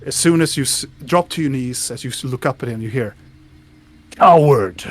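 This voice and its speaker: A man's voice: medium pitch, fast talker. A man narrating a tabletop game as game master, describing scenes with frequent restarts.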